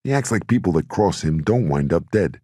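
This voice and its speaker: Man playing a cocky young mob son, brash, streetwise, husky voice, audiobook. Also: low voice, expressive, normal speed, mellow, no room sound, clean studio sound, pitched above the performer's own voice.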